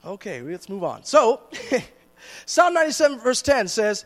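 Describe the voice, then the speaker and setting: High-voiced man preaching in a reverberant church. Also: very animated, unhurried, fairly bright tone. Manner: conversational and joking, stressing scripture readings. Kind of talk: sermon.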